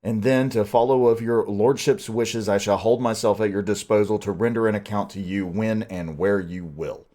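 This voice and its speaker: A man reading the part of a grave, stern old professor who pleads with measured weight. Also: lowish voice, fairly even intonation, mellow, natural voice. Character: grave old male Dutch professor, stern yet tender. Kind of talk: audiobook reading.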